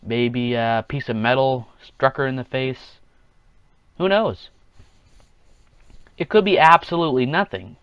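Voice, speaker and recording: A man's voice: mid-range voice, unhurried, long pauses, smooth, no room sound. Rambling male podcaster, dull dry sound. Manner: rambling, chuckles at his own jokes, acts out quotes in offhand voices. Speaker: podcast host. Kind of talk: casual solo podcast monologue.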